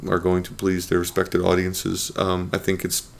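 A man's voice: sits low, monotone, normal speed, vocal fry. A man co-hosting a casual gaming podcast, loose and profane, prone to playful rants. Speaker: podcast co-host.

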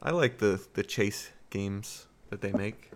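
A man's voice: fairly low pitch, slow pace. A man co-hosting a casual gaming news podcast, asking wry, skeptical questions. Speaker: podcast co-host.

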